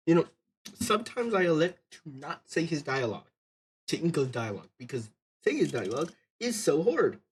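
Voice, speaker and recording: A man streaming a story game, reading its dialogue aloud and commenting in an animated, profane, exasperated way. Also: fairly high pitch, moderate pace, husky.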